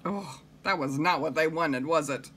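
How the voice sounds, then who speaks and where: A woman reading a picture book aloud to children, pausing to comment and ask them questions. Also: sits low, a bit bright, slightly rough. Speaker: reader.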